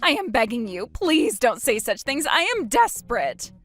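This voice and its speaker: A woman voicing a desperate, self-pitying adult sister-in-law who pleads and whines, her voice jumping high. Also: very animated, moderate pace, a bit bright. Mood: begging. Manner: pleading, whiny, pitch jumps high. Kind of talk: storybook narration.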